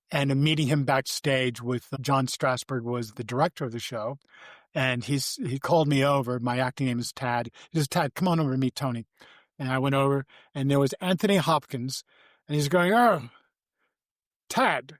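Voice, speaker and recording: An older man, a podcast guest, telling animated and rambling anecdotes with frequent restarts. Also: mid-range voice, no room sound, clean studio sound. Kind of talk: casual interview storytelling.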